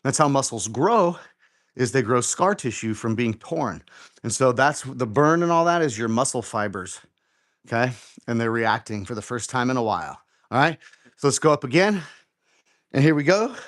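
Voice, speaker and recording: A man's voice: medium pitch, expressive, normal speed, fairly bright tone. A middle-aged man hosting a live workout show, casually coaching and counting reps aloud, a little out of breath as he exercises. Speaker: fitness show host.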